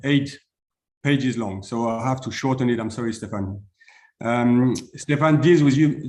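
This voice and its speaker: A man's voice: mid-range voice, darkish tone, roomy sound. A man with a German accent moderating an online session and introducing a speaker, with frequent hesitations. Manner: hesitant, many fillers. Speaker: webinar moderator.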